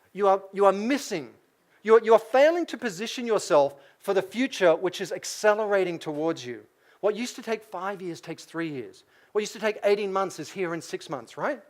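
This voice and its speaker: A middle-aged Australian man giving a business keynote lecture, lively, asking the audience questions. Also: high-pitched. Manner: lively, asks the audience questions, acts out quotes. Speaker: keynote speaker.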